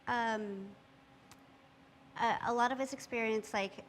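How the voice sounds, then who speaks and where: A woman speaking as a panelist in a thoughtful, measured way with frequent fillers. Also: a little high, fairly even intonation. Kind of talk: panel discussion talk. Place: church hall. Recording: long hall reverb, faint noise.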